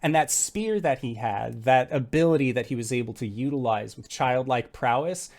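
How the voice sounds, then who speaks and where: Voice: mid-range voice, normal speed, a little mellow. A game master narrating a tabletop game in vivid, casual detail, peppered with "like" and the odd swear.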